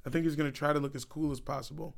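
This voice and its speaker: A man's voice: a little high, rapid-fire, creaky. A young man co-hosting a podcast, chatting casually with friends, joking and swearing a lot. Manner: profane, joking, animated. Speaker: podcast co-host. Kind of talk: casual chat.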